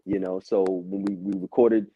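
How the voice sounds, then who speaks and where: Laid-back male guest, gravelly voice, dull lo-fi sound. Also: sits low, normal speed, no echo, soft background music. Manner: laid-back, swears, quotes people in lively voices. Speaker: guest musician. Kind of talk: casual storytelling interview. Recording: dull lo-fi audio.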